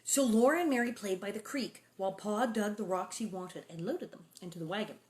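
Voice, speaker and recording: A middle-aged woman reading a children's book aloud, breaking off for chatty asides and playful sound effects and sometimes dropping to a soft whisper. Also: medium pitch, fairly quick. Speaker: reader and host.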